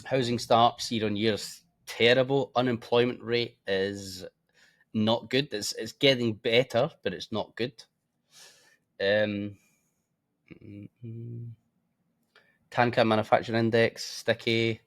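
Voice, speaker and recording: A man's voice: mid-range voice, steady tone, slow pace, long pauses. A tired man giving casual, blunt market commentary as a forex trading presenter. He swears freely, keeps yawning and makes offhand asides.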